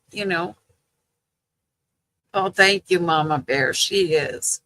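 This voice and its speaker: An older grandmother hosts a live chat, taking her time with each rambling story, sprinkling in "you know" and laughing often. Her voice is lowish, gravelly yet bright, with slight background noise and rough recording quality.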